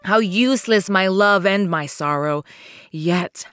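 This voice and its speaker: A woman narrating a classic story in a slow, measured, wistful way. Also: medium pitch, a bit bright, smooth, no room sound, faint music behind.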